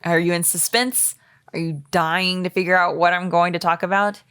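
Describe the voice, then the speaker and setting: A woman's voice: fairly low pitch, fairly even intonation, normal speed, a bit bright, clean tone, no echo, studio quality. A woman co-hosting a podcast, reading out a fan theory in a playful, giggly way. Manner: playful, giggly, tries silly accents. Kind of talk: casual chat, reading a theory aloud.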